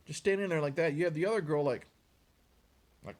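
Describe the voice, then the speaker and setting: Guy with a bit of a high voice ranting about a bad movie, sarcastic, swears a lot, fed up. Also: expressive, a little fast. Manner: sarcastic, exasperated, swears freely. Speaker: movie reviewer. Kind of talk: casual profane movie rant.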